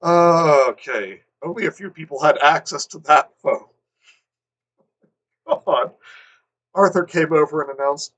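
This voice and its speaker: A man's voice: a little high, takes it slowly, pauses often, fairly bright tone, low-quality recording. A man hosting a livestream, reading a fanfic aloud, exasperated and swearing as he goes. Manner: exasperated, swearing, breaking into laughter. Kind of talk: live comedic dramatic reading.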